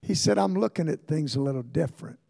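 An older man preaching a sermon as pastor, telling stories and building to fervent shouts. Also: on the high side, lively intonation, quick pace, vocal fry. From Ohio, USA. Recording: long hall reverb.

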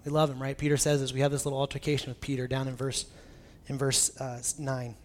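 A male pastor with a mid-range voice preaches a sermon at a quick pace, animated and conversational, tossing in jokey asides.

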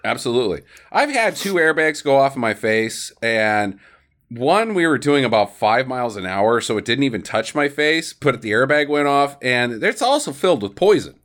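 A man's voice: medium pitch, very animated, normal speed, a bit bright. A man co-hosting a casual movie podcast, joking around and acting out characters in silly voices. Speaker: podcast co-host. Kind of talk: casual movie-riffing chat.

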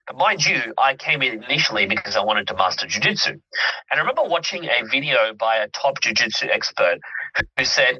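A man's voice: medium pitch, expressive, fairly quick, pushed and bright, slightly rough. A man, a mindset coach, speaking as an interview guest, explaining earnestly with examples and often checking that the listener follows. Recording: dull lo-fi audio.

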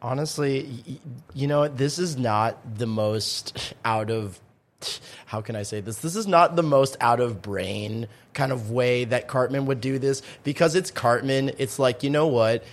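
A man co-hosting a casual review podcast, telling animated stories and leaning on emphatic words. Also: medium pitch, measured pace. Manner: animated storytelling, emphatic "literally". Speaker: podcast co-host.

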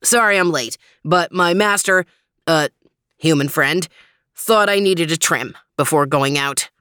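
A woman's voice: deep voice, a little slow, bright, forceful tone, clear, resonant tone, dry recording, clean studio sound. Woman doing Max, a vain Frenchified dog. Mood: preening. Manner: preening, sprinkles French phrases. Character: vain dapper male poodle-like dog, Frenchified.

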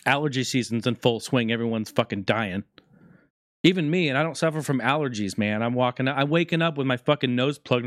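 A man hosting a casual talk show, rambling through news and stories in a profane, joking, animated way. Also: mid-range voice, fairly quick, no echo, clean studio sound. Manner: profane, jokey, animated storytelling. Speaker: podcast host.

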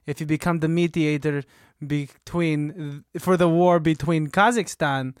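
Improv: woman doing a halting, low-voiced dim general. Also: fairly even intonation, dry recording, studio quality. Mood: bumbling. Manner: hesitant, stammering. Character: bumbling male general, clueless with phones. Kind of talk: improv comedy scene.

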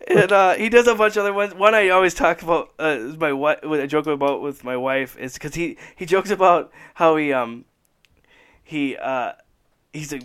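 A man's voice: on the high side, moderate pace, a bit bright, clear, resonant tone. A man hosting a casual podcast chat, rambling enthusiastically and laughing often. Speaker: podcast host.

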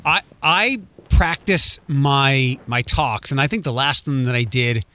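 A man's voice: mid-range voice, unhurried, bright, forceful tone. A man, a radio host, chatting casually and restarting his sentences with fillers. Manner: chatty, self-interrupting with fillers. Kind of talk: casual chat.

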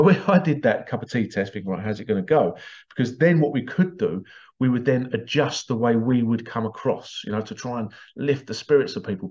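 A man's voice: mid-range voice, darkish tone. A man hosts a show and tells anecdotes in a loose, chatty way. He often cracks up laughing as he talks, and his voice sits in an ordinary middle register. The recording is a bit dull and lo-fi. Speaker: host. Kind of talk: casual anecdotal storytelling.

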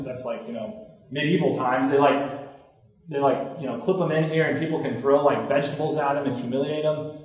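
A man's voice: fairly high pitch, darkish tone. A man in his thirties, a campus minister, giving an earnest, conversational talk to students with frequent restarts and asides. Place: large hall. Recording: echoey hall from far off.

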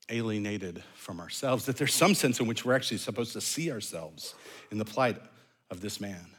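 A man preaching a sermon in an earnest way, rising to loud emphasis and dropping to hushed low phrases, often repeating words as he thinks aloud. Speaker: pastor.

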